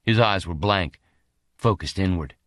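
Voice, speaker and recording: A man narrating an audiobook with an expressive, dramatic reading. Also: low-pitched, a little slow, dry recording, studio quality.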